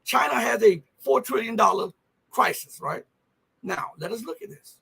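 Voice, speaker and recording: A man's voice: very high voice, animated, normal speed, gravelly, pushed and bright, breathy edge. A man hosting a live news commentary stream, talking emphatically and firing off rhetorical questions. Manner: emphatic, rhetorical questions, frequent "okay?" and "right?".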